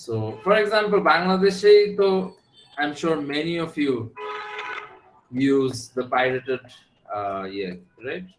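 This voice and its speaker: A man's voice: a little high, fairly quick, reverberant, slight background noise, rough recording. A man with a Bangladeshi accent teaching a class, switching between English and Bengali and often checking that his students follow. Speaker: university lecturer. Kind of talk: classroom lecture.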